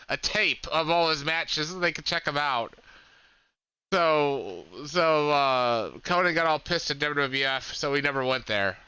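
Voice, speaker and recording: A male podcast co-host tells stories in a chatty way, trailing off and starting over. His voice is very bright and clear, pitched a bit high for a man, and recorded dry and close. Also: dry recording. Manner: chatty storyteller, trails off and restarts. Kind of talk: casual podcast chat.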